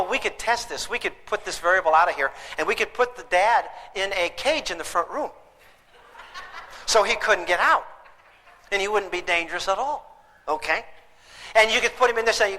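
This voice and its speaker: Animated high-voiced man lecturing on parenting. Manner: animated, comic, acts out scenes with shouts. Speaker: parenting speaker. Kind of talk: humorous lecture to an audience. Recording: long hall reverb.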